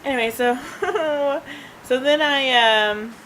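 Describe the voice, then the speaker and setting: This is a woman vlogger with a high voice and fairly bright tone, speaking slowly as she rambles through a personal story with lots of laughter, ums, and false starts. The rough recording comes from a handheld device camera and has slight background noise.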